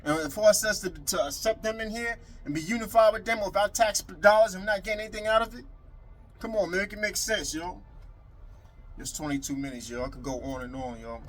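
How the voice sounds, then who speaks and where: A man's voice: sits high, fairly quick, fairly bright tone, faint music behind, rough recording. A man delivering a heated political rant to the camera, repeating himself and calling out his critics directly. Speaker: video commentator.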